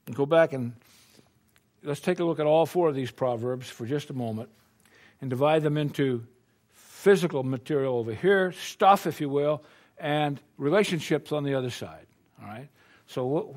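An older American man preaches a sermon to his congregation in a homespun, conversational manner. He peppers his talk with rhetorical questions, and his voice sits a little high for a man. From United States.

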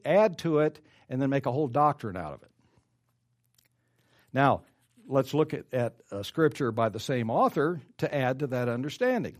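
A man preaching a sermon, reading Bible verses aloud and commenting on them, with frequent throat clearing. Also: medium pitch. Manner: reads scripture aloud and comments, rising emphatic then dropping quiet; clears his throat often.

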